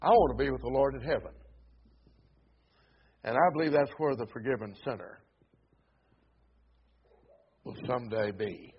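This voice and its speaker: A man's voice: mid-range voice, moderate pace, pauses often, husky. A man preaching a sermon at a church service, earnestly exhorting the congregation and reading scripture aloud. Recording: dull lo-fi sermon recording.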